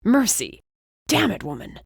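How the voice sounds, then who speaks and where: Woman reading a gruff tough man. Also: lowish voice, normal speed, dry recording, studio quality, close to an everyday voice. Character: tough male shifter, gruff protector.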